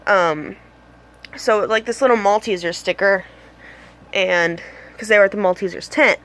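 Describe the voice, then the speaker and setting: A woman's voice: medium pitch, measured pace, a bit bright. A young woman telling a casual story in a vlog filmed on her phone, bubbly and rambling, with lots of fillers. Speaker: vlogger. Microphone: phone camera.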